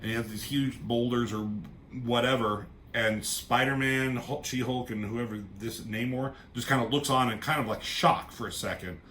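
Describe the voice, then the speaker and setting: A man's voice: mid-range voice, fairly even intonation, normal speed, pushed and bright, a little hiss or hum. A man reviewing a comic book in a loose, rambling, casual way, swearing freely and trailing off as he goes.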